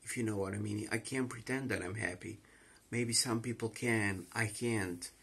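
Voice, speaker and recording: Distressed, husky Croatian-accented man. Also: on the low side, moderate pace, a bit bright. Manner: rambling, repeating himself. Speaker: vlogger. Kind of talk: emotional confessional monologue.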